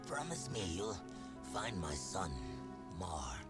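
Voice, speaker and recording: An actor playing a dying old male warrior, speaking with a deep, weary voice between coughs, in a video game cutscene. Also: very animated, slow, loud music behind the voice, heavily acted. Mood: solemn, dying.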